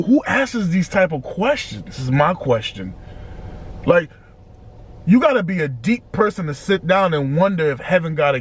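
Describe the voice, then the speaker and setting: A man hosting a casual album reaction, reading out lyrics and talking through them with repeated words and restarts. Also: fairly high pitch. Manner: animated, quotes lyrics, often repeats himself. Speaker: reaction channel host.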